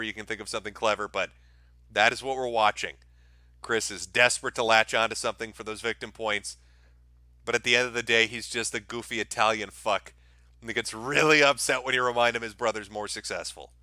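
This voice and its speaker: A man's voice: lowish voice, steady tone, fairly quick, sharp tone, no echo. A man hosting a commentary show, talking in a mocking, sarcastic, profane way.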